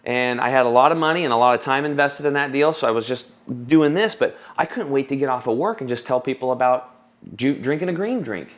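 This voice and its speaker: A man in his thirties telling his story in an interview, passionate and quick to act out what people said. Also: medium pitch. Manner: passionate, restarts often, quotes people in raised voice. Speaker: supplement formulator, guest.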